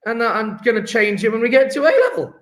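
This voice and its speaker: A man's voice: sits high, quick pace, a bit bright. Rambling, joking male chemistry teacher. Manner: rambling, joking, self-deprecating. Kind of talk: live online lesson answering chat. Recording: echoey room.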